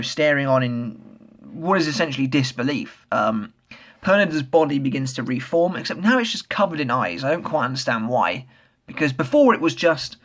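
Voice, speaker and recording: A man casually reviewing a comic chapter, excitable, swearing freely and filling pauses with lots of ums. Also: mid-range voice. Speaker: manga reviewer.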